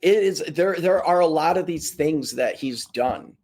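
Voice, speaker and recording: A man telling casual stories as a podcast guest, lively and full of voices for the people in them. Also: on the high side, a little slow. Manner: animated, does voices of people in his stories. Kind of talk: casual storytelling.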